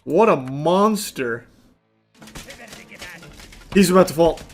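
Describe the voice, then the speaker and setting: A man doing let's play commentary, shouting and swearing at the game and then dropping to low, dry asides. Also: animated, slow pace, faint music behind. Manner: drops to low, dry asides between outbursts. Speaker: gaming streamer.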